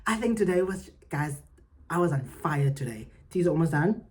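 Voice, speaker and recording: A woman hosting her own podcast, giving heartfelt, emphatic motivational talk that swings between loud and soft. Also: low voice, lively intonation, moderate pace, a little hiss or hum. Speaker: podcast host.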